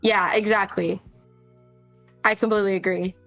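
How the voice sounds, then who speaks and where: A woman's voice: medium pitch, steady tone, moderate pace, fairly bright tone, soft background music, low-quality recording. A woman co-commentating a card game tournament stream and drawing on her own tournament play. She is chatty and easygoing and laughs often. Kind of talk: casual live game commentary.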